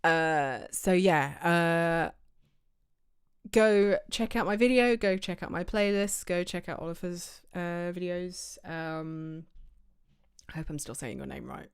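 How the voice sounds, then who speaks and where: A woman's voice: lowish voice, slow, clean tone, no echo, studio quality. An English woman streamer chatting casually, rambling with lots of fillers and restarts. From England. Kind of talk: casual livestream chat.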